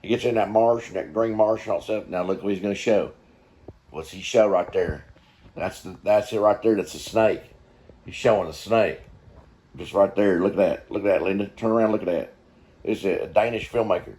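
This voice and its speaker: A man's voice: on the low side, normal speed, darkish tone, husky. A man giving rambling, folksy commentary while watching a film, swearing casually and repeating himself. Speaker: vlogger.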